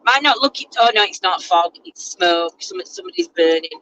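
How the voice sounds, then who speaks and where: A woman's voice: on the low side, lively intonation, fairly quick, a bit bright, lo-fi sound. A woman, chatting casually and teasing herself during a road trip, recorded in a moving car. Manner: chatty, self-mocking. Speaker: vlogger. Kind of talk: casual chat. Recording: car noise in background.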